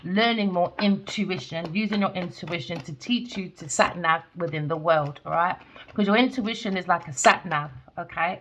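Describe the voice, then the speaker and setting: A woman's voice: fairly low pitch, fairly bright tone, slight background noise. A woman giving a casual tarot reading to camera, chatty and tagging her lines with "okay?" and "all right?". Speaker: tarot reader. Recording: dull lo-fi sound.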